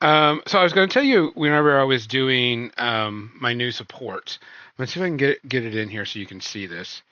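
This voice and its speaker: A man's voice: mid-range voice, a little fast, sharp tone, dry recording, dull audio. A man hosting a casual stream chat, loose and rambling, full of ums and uhs. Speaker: podcast host.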